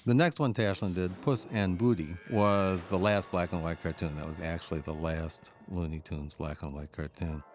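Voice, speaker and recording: A man's voice: sits low, fairly even intonation, normal speed, hardly any pauses, darkish tone, a little hiss or hum. A man giving a chuckling, enthusiastic audio commentary on an old cartoon, sharing anecdotes as he goes. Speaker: film commentator.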